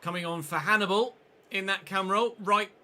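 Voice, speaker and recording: A man with a very bright, sharp-edged voice, pitched a little higher than most men. He streams a football video game live, talking through his own play in a chatty way and bursting into excitement at the near chances. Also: moderate pace. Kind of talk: live gameplay commentary.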